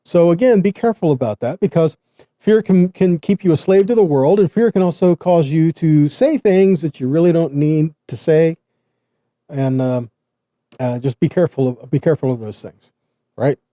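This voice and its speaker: A man's voice: a little high, moderate pace, warm tone, dry recording, clean studio sound. A man with a Southern US accent giving an earnest Bible teaching, often addressing his listeners as guys.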